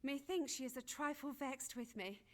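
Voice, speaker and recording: A woman's voice: sits high, normal speed, lightly acted. An actress playing a flustered, gossiping Elizabethan noblewoman who speaks in chatty, dramatic archaic phrases in a video game.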